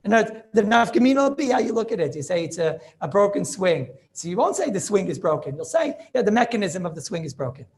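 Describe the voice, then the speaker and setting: A man giving an informal Torah class as a rabbi, animated and repetitive, mixing in Yiddish and Hebrew terms. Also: sits high, fast, hardly any pauses. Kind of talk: informal Talmudic lecture.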